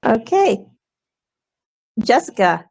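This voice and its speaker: A woman running a tabletop game as dungeon master, calling turns in a brisk, matter-of-fact way. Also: a little high, sing-song, gravelly, darkish tone, slightly rough.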